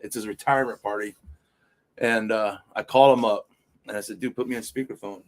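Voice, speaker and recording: A man's voice: lowish voice, fairly even intonation, brisk. A man co-hosting a podcast in casual chat, rambling through stories, swearing freely and leaning on filler phrases. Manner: rambling storyteller, profane, leans on "you know". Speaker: fill-in podcast co-host.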